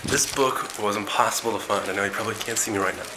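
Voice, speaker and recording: A man's voice: on the low side, fast talker. A young man chatting casually in a rambling video diary. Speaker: exchange student vlogger. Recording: echoey room, faint noise.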